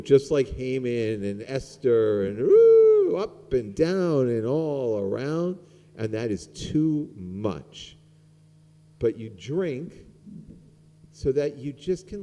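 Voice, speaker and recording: Middle-aged man, rabbi, informal rambling sermon, low mellow voice, long reverb of a sanctuary. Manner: conversational, rambling with many fillers. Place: synagogue sanctuary.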